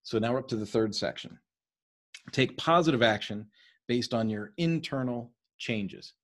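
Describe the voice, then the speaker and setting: A man from the East Coast of the US leading a casual study of a leadership book, talking fast and often checking in with "right?". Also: medium pitch, animated, fairly bright tone.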